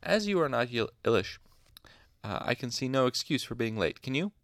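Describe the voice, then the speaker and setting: A man's voice: medium pitch, very animated, normal speed, fairly bright tone, dry recording, studio quality, voice pushed up. A man reading aloud as a stern male university master who scolds late students with mock courtesy. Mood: mock courteous.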